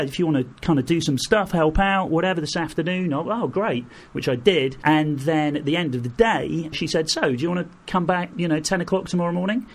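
A middle-aged man, a guest, telling lively anecdotes and acting out the people in them. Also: fairly high pitch. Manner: animated anecdotes, acts out quoted voices, laughs through. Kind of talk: storytelling in an interview.

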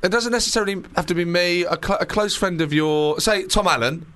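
A man's voice: high voice, brisk, fairly bright tone. A man co-hosting a casual comedy chat, rambling and teasing, often laughing. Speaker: co-host.

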